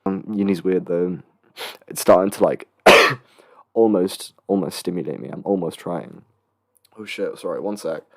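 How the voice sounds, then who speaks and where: A young man in his late teens from England, hosting a casual solo podcast in a rambling, swearing, animated storytelling way. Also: sits low, unhurried, no echo, clean studio sound. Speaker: podcast host. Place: student accommodation room.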